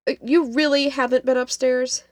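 A woman's voice: sits high, fairly even intonation, moderate pace, darkish tone, dry recording, clean studio sound, voice pushed up, lightly acted. Devon, a woman doing a shaken college girl. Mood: spooked. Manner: shaken, insistent. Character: young female college student, anxious and rattled.

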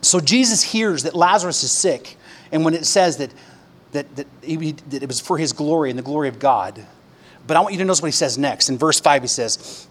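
Animated man preaching a sermon. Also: on the high side, a little fast. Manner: conversational preaching with fillers, swinging from hushed to emphatic. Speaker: pastor.

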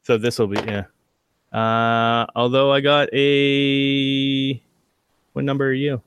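A man's voice: medium pitch, little pitch movement, a bit bright, a little hiss or hum. A man playing a tabletop game, asking rules questions and swearing at bad rolls. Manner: quick reactions, swears. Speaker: player.

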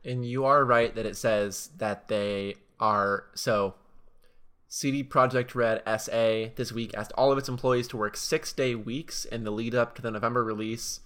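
Bright-voiced man discussing games casually. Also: mid-range voice, steady tone. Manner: reads from an article, pauses and restarts while thinking. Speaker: podcast co-host. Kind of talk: casual chat.

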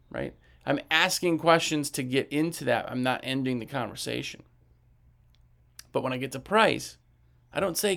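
Gravelly man teaching sales chat. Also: medium pitch, moderate pace, fairly bright tone. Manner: conversational, acts out sales dialogue, frequent "right?". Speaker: window cleaning business trainer. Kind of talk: casual teaching talk.

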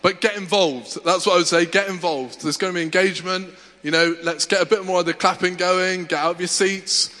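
A man's voice: sits high, steady tone, fairly quick, few pauses, sharp tone. A man leading a church congregation through a greeting game, encouraging and jokey. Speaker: church service leader. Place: large church hall. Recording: reverberant church hall.

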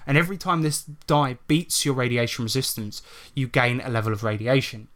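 A man's voice: medium pitch, steady tone, brisk, a bit bright. A man co-hosting a podcast in a casual chat, explaining tabletop game rules step by step and swearing freely.

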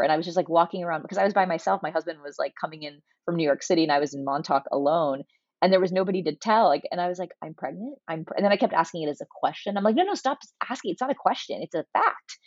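A woman in her forties with a low, husky voice, talking in a chatty, animated interview. Her sound is dry and a little dull and muffled. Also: fast talker, no room sound. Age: 40s. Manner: chatty, animated storytelling with many fillers. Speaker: guest. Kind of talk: casual conversational interview.

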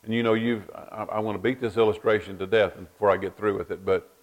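A man's voice: fairly low pitch, little pitch movement, fast talker. A man preaching a sermon, folksy storytelling that repeats words as he builds each point. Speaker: pastor.

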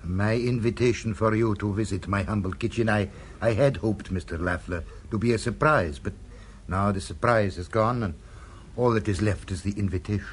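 An actor playing a suave, commanding restaurant owner who speaks formally and politely in a radio play. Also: male voice, fairly low pitch, moderate pace. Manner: smooth, formal, polite but stern.

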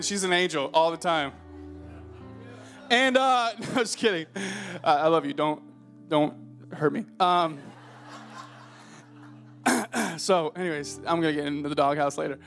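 A young male pastor in his twenties gives a lively, loud sermon, cracking jokes and calling out to the congregation. His voice sits high. A faint guitar plays behind him in the church. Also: slow, creaky, pauses often. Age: 20s. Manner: loud, joking, calls out to the crowd. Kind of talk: energetic sermon. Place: church hall.

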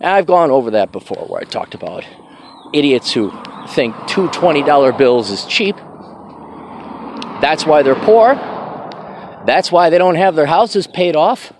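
A man's voice: fairly high pitch, expressive, unhurried, pauses often, a little hiss or hum. A man hosting a podcast, talking in a brash, sarcastic, ranting monologue. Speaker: podcast host. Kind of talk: casual monologue.

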